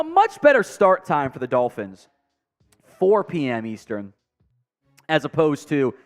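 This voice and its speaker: Male stream host, high and lively voice, chatty and joking, reads chat aloud, soft music underneath. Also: clean tone. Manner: reads viewer comments aloud, chatty and joking, trails off into mumbled asides. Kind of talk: casual live stream chat.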